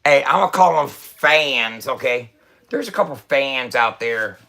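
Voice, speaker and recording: A man's voice: mid-range voice, lively intonation, unhurried, gravelly, pushed and bright. A middle-aged man ranting in a casual, profane way, swearing often and coughing between lines. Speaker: website founder ranting to camera.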